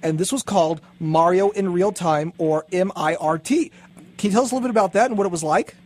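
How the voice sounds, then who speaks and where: A man in his twenties, a radio host, reading out introductions and questions briskly in an interview. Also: sits high, a little mellow. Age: 20s.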